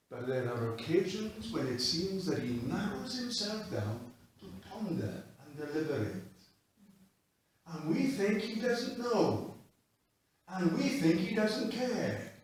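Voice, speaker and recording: A man preaching a sermon, swinging from loud, emphatic peaks down to low, quiet passages. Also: slight background noise. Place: chapel. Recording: echoey chapel from far off.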